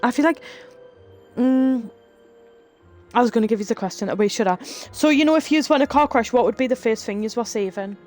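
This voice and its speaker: A woman's voice: a little high, a little fast, long pauses, darkish tone, faint music behind. A woman, chatting casually with her live chat, laughing often and telling rambling stories. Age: 30s. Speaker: streamer.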